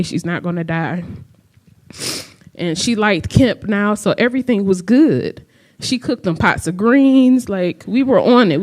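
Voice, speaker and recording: A woman's voice: mid-range voice, a little mellow. A middle-aged woman telling a personal story to an audience, conversational and acting out the lines of the people in it. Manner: conversational, acts out quoted dialogue. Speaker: speaker telling her story.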